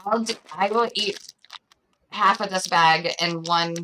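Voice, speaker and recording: A woman's voice: lowish voice, unhurried, noisy background. A woman hosting a casual livestream chat, chatty and playful with frequent giggles. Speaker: host.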